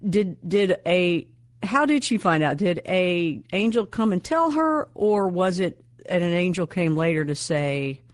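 A chatty male interviewer asks curious, casual questions in a notably high voice. He trips over his words now and then. The sound is dry and close, with no room echo. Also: big pitch swings, measured pace.

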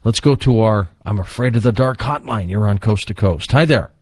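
A man hosting a late-night call-in radio show, talking in a relaxed, chatty way with callers. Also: on the low side, normal speed, no room sound, clean studio sound. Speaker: radio talk show host.

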